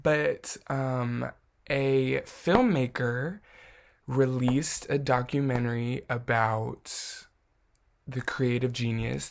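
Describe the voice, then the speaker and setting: Chatty young-sounding man with gravelly fry. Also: mid-range voice. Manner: chatty, many fillers like "like" and "um"; slangy and candid. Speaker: vlogger. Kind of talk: casual chat to camera.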